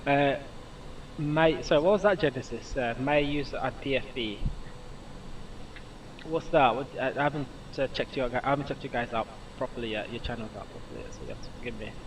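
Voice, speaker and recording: Halting Yorkshire man streaming, mic set back. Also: mid-range voice, distant mic, slight background noise, poor audio. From England. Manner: halting, lots of uh fillers and restarts, answering chat. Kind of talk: casual live-stream chat while flying a sim.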